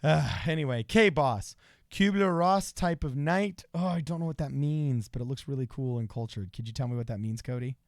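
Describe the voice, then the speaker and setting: A man hosting a livestream in a casual, joking way, reading out viewer messages and reacting loudly to them. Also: mid-range voice, normal speed, no room sound, studio quality. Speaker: livestream host.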